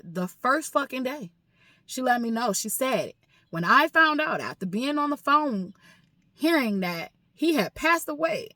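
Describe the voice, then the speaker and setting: A woman's voice: on the high side, bright, forceful tone, no room sound. A woman vlogging a personal story with raw emotion, swearing often and repeating herself for emphasis. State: emotional, grieving.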